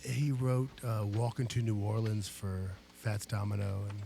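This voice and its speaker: A man's voice: lowish voice, fairly even intonation, measured pace, gravelly, warm tone. A man, a guest musician, chatting casually in a music studio, easygoing and rambling, with fillers and restarts. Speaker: guest musician, guitarist and singer.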